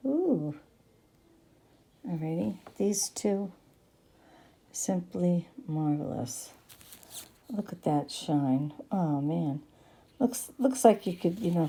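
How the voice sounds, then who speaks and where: A woman hosting a casual craft tutorial, gushing over her finished pieces with soft exclamations. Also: on the low side, husky.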